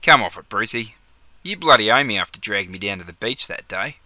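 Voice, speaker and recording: A man's voice: on the low side, expressive, brisk, pushed and bright, no room sound. A young man with an Australian accent playing an easygoing mate who talks in slang in a comedy sketch. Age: young adult. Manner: broad slang-laden banter. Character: young Aussie bloke Jono, easygoing mate.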